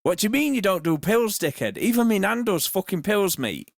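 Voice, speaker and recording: A man's voice: high voice, big pitch swings, a little fast, gravelly, heavy background noise, pitched above the performer's own voice, heavily acted. A man voicing a crude, rowdy young lad cadging money, with an aggressive, swearing manner.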